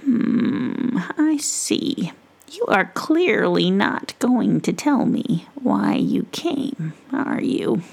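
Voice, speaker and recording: A woman voicing a gentle, wise and playful witch in a breathy, half-whispered story voice. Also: mid-range voice, big pitch swings, extremely slow, full character voice. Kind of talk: whispered role-play.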